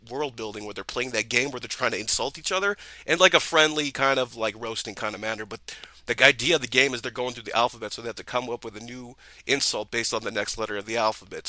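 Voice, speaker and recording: An excited man co-hosting a movie podcast, rambling through his thoughts with many restarts. His voice is bright and forceful. The sound is dry and close. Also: mid-range voice, no echo, rough recording. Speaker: podcast co-host. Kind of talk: casual movie review chat.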